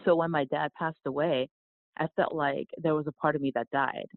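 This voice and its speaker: A gravelly, fry-laden voice heard over a tinny, phone-like line, dry with no room sound. The speaker, from South Korea and a yoga teacher, talks earnestly and reflectively, often restarting phrases. The pitch sits in a middle range. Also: steady tone, moderate pace, no echo. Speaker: podcast guest, yoga teacher. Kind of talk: storytelling in conversation.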